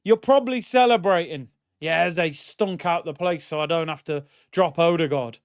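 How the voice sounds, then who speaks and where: A man hosting a live football watchalong, ranting and bantering and shouting when goals go in. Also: on the high side, normal speed, clean tone, no echo, lo-fi sound. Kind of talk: live match watchalong commentary.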